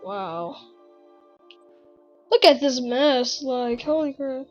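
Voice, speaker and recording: A woman giving excitable gaming commentary, full of gasps and exclamations. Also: sits high, drawn-out words, highs cut off, faint music behind. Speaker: gamer.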